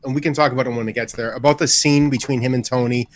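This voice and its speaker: A man co-hosting a casual chat, relaxed and hedging as he talks. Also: medium pitch, quick pace. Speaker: co-host.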